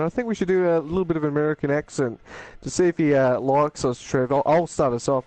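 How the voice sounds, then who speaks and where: A man co-commentating a sim race in a laid-back, halting way, with lots of fillers. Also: fairly high pitch, darkish tone, no echo.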